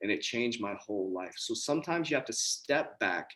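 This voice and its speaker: A man's voice: fairly low pitch, expressive, moderate pace, fairly bright tone. Earnest man coaching on a group call. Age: 40s. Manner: earnest, emphatic, repeats key points. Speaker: coach and community host. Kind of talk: motivational talk on a group call.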